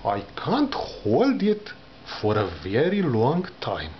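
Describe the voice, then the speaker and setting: Male vlogger with a non-native accent, deliberate halting delivery, voice leaping from low to high, dull lo-fi recording. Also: huge pitch swings, slight background noise. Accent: non-native English speaker. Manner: slow, halting, carefully pronounced phrases; wide pitch swings from low murmurs to high emphasis. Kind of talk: talking to camera about learning a language. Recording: dull lo-fi sound with faint ambience.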